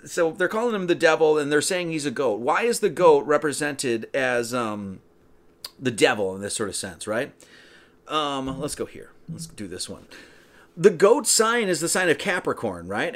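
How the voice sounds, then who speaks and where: A man hosting a casual film commentary, rambling, tagging lines with right? and acting out characters' lines. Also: fairly high pitch. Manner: rambling, keeps asking right?. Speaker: host.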